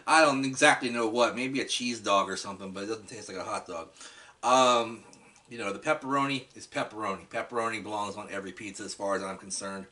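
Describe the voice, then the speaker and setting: A man talks eagerly through a food tasting in a casual vlog, speaking straight to his audience. His voice is bright and forward, and he sits a little back from the microphone. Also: on the low side, fast talker, recorded from a distance. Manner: enthusiastic, chatty, addresses viewers directly. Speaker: food reviewer.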